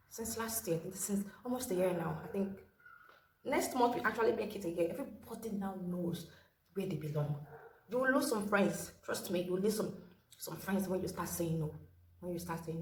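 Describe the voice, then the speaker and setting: An earnest woman shares a personal story straight to camera, handing out heartfelt advice and driving her main points home by repeating them. Her voice is mid-pitched and sits in a roomy, echoey space with a faint hum of ambience behind it. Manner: earnest, advice-giving, repeats key phrases. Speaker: vlogger telling a personal story. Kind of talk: casual storytime monologue.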